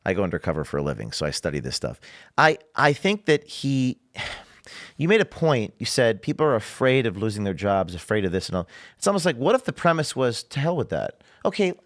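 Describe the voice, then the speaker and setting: A man's voice: fairly low pitch, brisk, no room sound, studio quality. A male journalist as a guest on a talk show, speaking animatedly and acting out the people he quotes. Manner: animated, acts out quoted people, stumbles and restarts.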